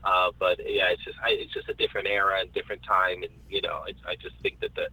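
A man's voice: low-pitched, fairly even intonation, fast, pushed and bright, breathy edge, low-quality recording. A man in a casual podcast chat, enthusiastic and often repeating words while he searches for what to say.

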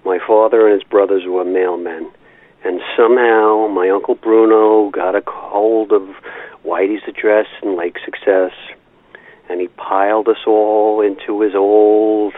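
A man's voice: fairly low pitch, little pitch movement, slow pace, no room sound. An older man leaving a rambling, nostalgic voicemail, chuckling as he tells his stories. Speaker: caller. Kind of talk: voicemail storytelling. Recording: tinny phone-line voicemail.

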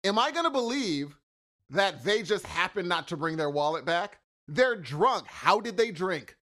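Podcast co-host: high, lively male voice, exasperated and slangy, ranting through a casual chat. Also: a little slow.

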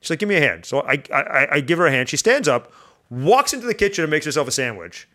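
A man chatting as a podcast guest, an animated storyteller whose voice jumps high when excited. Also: fast talker. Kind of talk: casual chat.

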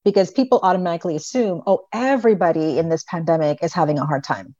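Animated woman psychologist, dry dull audio. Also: on the low side, fast, dry recording. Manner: animated storyteller, voices her children in quotes. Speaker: pediatric psychologist guest. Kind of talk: conversational interview.

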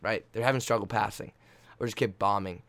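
This low-voiced college volleyball player recounts a game in a relaxed, pumped-up way, frequently laughing and reenacting how he yelled. His tone stays steady, his pace is a little quick, and there's no room sound.

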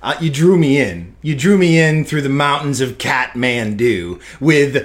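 A man co-hosting a podcast in casual chat, excitable and exclaiming, laughing often. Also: mid-range voice, a little slow. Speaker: podcast co-host.

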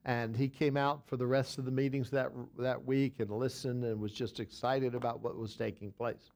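A man's voice: medium pitch, level tone, moderate pace, a little mellow. A man, a pastor, teaching a Bible study in a conversational, folksy way, telling an illustration with frequent restarts and dry asides.

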